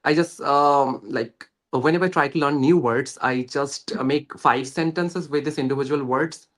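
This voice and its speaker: Man from West Bengal, Indian English accent, earnest, halting, fillers, mid-range voice. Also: mid-range voice, a bit bright. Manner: earnest, explanatory, with hesitations and fillers. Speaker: guest. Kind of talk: casual conversation.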